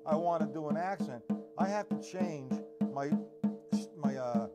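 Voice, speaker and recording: A man's voice: on the high side, measured pace, over loud music. A man teaching a live drum lesson, rambling between points and counting beats aloud as he plays.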